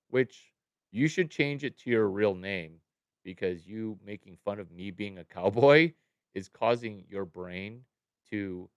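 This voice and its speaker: Middle-aged male streamer, excitable, unhurried delivery, crisp dry sound. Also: on the low side, dry recording. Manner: excitable, jumps from mumbling to loud outbursts. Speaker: livestream host. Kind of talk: animated livestream talk to chat.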